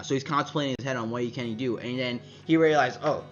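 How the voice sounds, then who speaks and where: A man's voice: medium pitch, quick pace, soft background music. A man casually recapping a comic chapter, rambling with many fillers and restarts. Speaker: manga reviewer.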